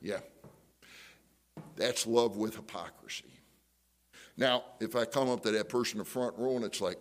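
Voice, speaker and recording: A man preaching an evening church sermon, conversational, full of rhetorical questions and restarts, moving between loud challenges and quiet prayerful asides. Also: on the low side, normal speed, pauses often. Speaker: pastor.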